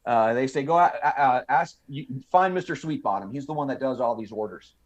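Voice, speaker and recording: A middle-aged American man talking casually as a guest, mid-pitched and easy. He tells his story with energy and slips into little voices for the other people in it. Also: a little fast, lo-fi sound. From United States. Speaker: podcast guest.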